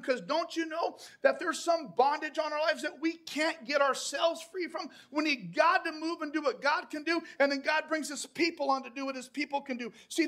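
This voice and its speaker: A man preaching a sermon, swinging between hushed, intimate passages and loud, shouted calls. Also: very high-pitched. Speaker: pastor.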